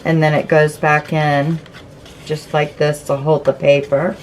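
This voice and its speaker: A woman's voice: sits low, level tone, a little slow, slight background noise, low-quality recording. A woman hosting a casual craft flip-through, chatty and gushing as she explains each step. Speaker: craft channel host.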